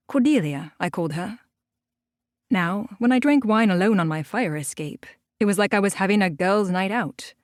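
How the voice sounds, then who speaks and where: A woman's voice: medium pitch, darkish tone, dry recording. A woman narrating a first-person paranormal audiobook in a wry, dry storytelling manner, recorded on a close studio mic.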